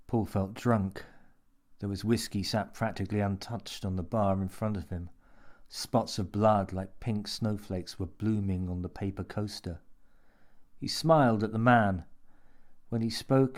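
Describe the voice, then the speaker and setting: A man reading a dark story aloud in a measured, steady narration. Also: lowish voice. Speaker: story reader. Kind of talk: audiobook narration.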